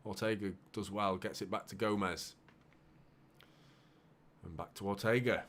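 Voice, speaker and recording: A man hosting a live football watchalong, calling the play with bursts of excitement and muttered asides. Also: on the low side, measured pace. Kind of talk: live match commentary for a fan watchalong.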